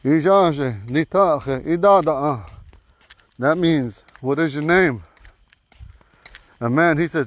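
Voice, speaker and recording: A man giving a casual, folksy language lesson while out walking at night, talking into a phone and repeating words slowly. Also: fairly high pitch, no room sound. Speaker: language teacher. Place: outdoors at night on a walk.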